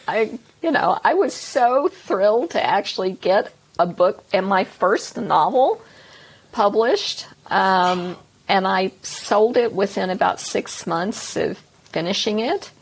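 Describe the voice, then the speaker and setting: Slightly husky Texan woman author. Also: mid-range voice, lively intonation, takes it slowly. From Texas, north of Dallas. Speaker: author guest. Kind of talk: interview answers.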